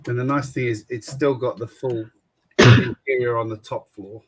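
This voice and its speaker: A man's voice: medium pitch, steady tone, moderate pace, husky, poor audio. Dry-humoured man hosting a build stream. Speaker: host. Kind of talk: casual chat while building bricks on a livestream.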